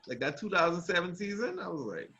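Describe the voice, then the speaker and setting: Laid-back man with a bright, dull-miked voice. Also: high-pitched, sing-song, quick pace. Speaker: podcast co-host. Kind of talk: casual sports chat. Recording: dull lo-fi mic.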